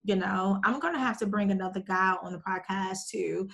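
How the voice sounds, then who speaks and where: A woman's voice: medium pitch, moderate pace, vocal fry, a bit bright. A woman hosting a podcast, speaking casually and thoughtfully, restarting phrases as she thinks. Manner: reflective, repeats phrases while thinking. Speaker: podcast host. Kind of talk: casual conversation.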